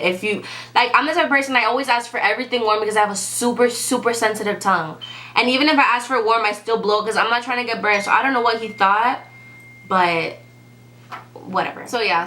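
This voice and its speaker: A woman's voice: mid-range voice, pushed and bright. A young woman telling a restaurant story in a casual vlog, chatty and full of "like". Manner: chatty, says "like" a lot. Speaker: vlogger.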